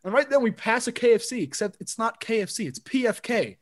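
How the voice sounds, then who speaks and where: High-voiced young man rambling casually. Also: big pitch swings, fairly quick. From Colombia. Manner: rambling storyteller, lots of fillers and swearing. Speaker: podcast co-host. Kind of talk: casual chat.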